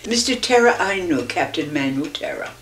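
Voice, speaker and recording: An older woman reminiscing in an interview, telling anecdotes in a lively way and acting out the voices of the people in them. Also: lowish voice, moderate pace, a little hiss or hum. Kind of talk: reminiscing storytelling.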